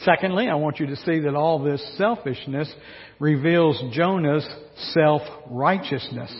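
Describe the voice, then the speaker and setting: A male pastor preaching a sermon in a wry, joking way, full of rhetorical questions. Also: fairly high pitch. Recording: dull recording with long hall reverb.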